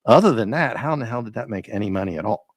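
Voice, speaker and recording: A man hosting a live stream, chatting and ranting casually with viewers, his voice a little rough and often breaking into laughs. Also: lowish voice, animated, racing, dry recording. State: slightly rough voice. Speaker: livestream host.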